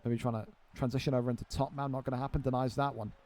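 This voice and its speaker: A young man giving live play-by-play commentary on a video game fight, excitable and swearing freely as he banters with friends. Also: mid-range voice, racing.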